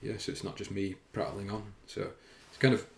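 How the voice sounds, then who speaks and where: A man's voice: lowish voice, flat delivery, brisk, vocal fry, a little mellow. A man, a fitness coach, hosting his own podcast as a casual, rambling, self-conscious monologue full of fillers and the odd swear word, filming himself indoors. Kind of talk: casual solo podcast chat. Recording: roomy echo.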